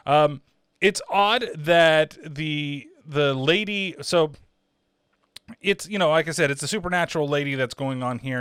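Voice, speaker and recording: A man hosting a horror podcast, giving a casual film review, animated, laughing often and swearing casually. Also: on the high side, clear, resonant tone, no echo, studio quality.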